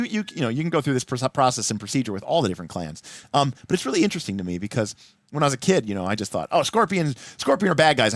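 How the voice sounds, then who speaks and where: A man's voice: mid-range voice, no echo. A man teaching a tabletop role-playing game on a livestream, talking casually and enthusiastically, wandering into asides and acting out quoted lines.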